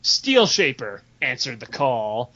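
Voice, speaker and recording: A man hosting a podcast, telling crude, excitable stories in casual talk and laughing as he goes. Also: mid-range voice, takes it slowly, highs cut off. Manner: crude, excitable, laughs through his story. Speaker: podcast host. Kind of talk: casual comedic storytelling.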